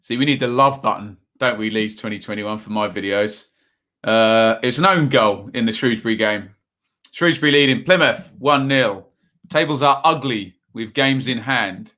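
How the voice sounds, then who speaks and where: Bright-voiced man hosting a stream. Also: medium pitch, normal speed. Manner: chatty, reads out chat messages and scores. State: tired. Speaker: live stream host. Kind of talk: casual live-stream chat and score updates.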